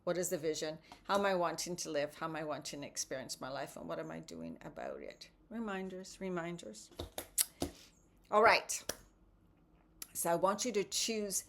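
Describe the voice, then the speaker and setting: A woman's voice: low-pitched, sing-song, brisk, vocal fry, a bit bright, slight background noise. A woman hosting a casual motivational morning talk and reading tarot cards, chatty and often adding "right?".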